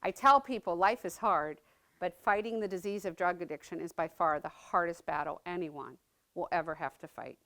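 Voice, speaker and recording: In a lowish, pushed, bright voice at a moderate pace, a middle-aged woman shares her story as a mother. The testimony talk is earnest and chatty, and she keeps asking the audience "right?"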